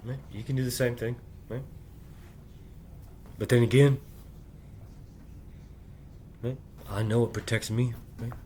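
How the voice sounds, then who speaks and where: A man in a rambling personal monologue, speaking in halting, clipped fragments and tagging nearly every phrase with "right?" in a confrontational way. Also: mid-range voice, fairly even intonation, a little mellow, slight background noise. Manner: insistent, confrontational address. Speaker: vlogger.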